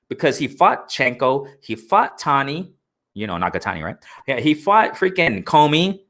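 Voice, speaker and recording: Male live-stream boxing host: fired-up rant, very animated pitch, sharp bright tone. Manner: heated, repetitive, slangy, talks to chat. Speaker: boxing talk show host.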